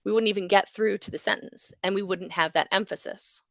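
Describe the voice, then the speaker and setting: A woman who is a university psychology lecturer, explaining everyday speech errors in a lively way and acting out examples. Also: medium pitch, a little fast, vocal fry, dry recording. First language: English.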